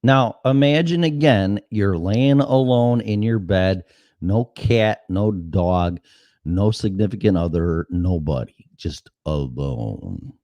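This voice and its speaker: Host, male, middle-aged: deep voice, swooping lively delivery, dry close sound, cusses freely. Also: slow pace, dry recording. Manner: profane, rambling, animated storytelling. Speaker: show host. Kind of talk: casual monologue.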